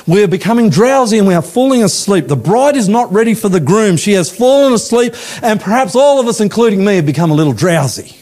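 A man preaching a sermon in a church, with slow, emphatic phrasing that rises and falls. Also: animated, darkish tone. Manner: emphatic preaching, slow deliberate phrasing with rising and falling pitch. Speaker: pastor.

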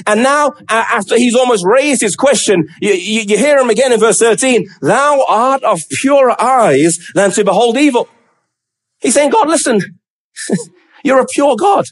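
A man preaching a sermon, acting out a prophet's pleading questions and dropping low and slow to stress key words. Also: animated.

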